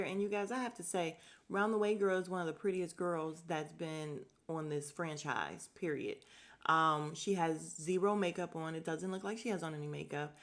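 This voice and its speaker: Podcast host, woman, slightly low voice, casual and blunt, swears freely, jumps into quick impressions of the cast. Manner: acts out cast members' lines in quick asides. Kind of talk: casual reality-show recap.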